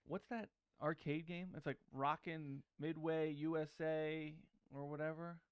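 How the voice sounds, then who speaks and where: A man's voice: fairly high pitch, fairly even intonation, measured pace, clean tone, dry recording, lo-fi sound. A man co-hosting a casual movie-breakdown podcast, rambling and breaking off his own sentences. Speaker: podcast co-host.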